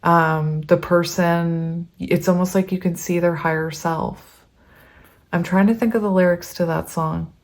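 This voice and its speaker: Female tarot reader, casual and chatty, slightly lower-pitched voice, emotional and searching, lots of filler. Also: fairly even intonation, measured pace. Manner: chatty and emotional, reading aloud with many ums.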